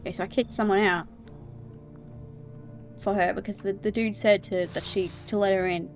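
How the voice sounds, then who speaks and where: A woman's voice: mid-range voice, steady tone, moderate pace, pauses often, faint music behind. A woman playing a video game, casually commenting and reading the game's text aloud. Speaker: gamer streamer.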